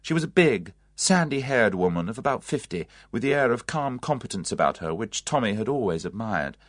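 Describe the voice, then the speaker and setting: An audiobook narrator reading a story in an expressive storytelling manner. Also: medium pitch, fairly quick, hardly any pauses, no echo, clean studio sound.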